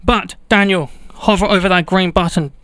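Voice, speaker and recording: A man's voice: sits high, fairly even intonation, normal speed, fairly bright tone, dry recording. A man presenting a local radio show in chatty, playful links from a small studio. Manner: breezy, playful slang. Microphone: studio microphone.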